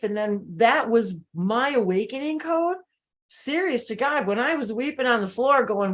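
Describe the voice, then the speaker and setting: A woman's voice: on the high side, normal speed. A woman hosting a spiritual video-call hangout, telling stories emphatically and talking straight to her viewers. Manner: animated, emphatic storytelling, addresses viewers directly. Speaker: channeling host. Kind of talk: live video-call chat.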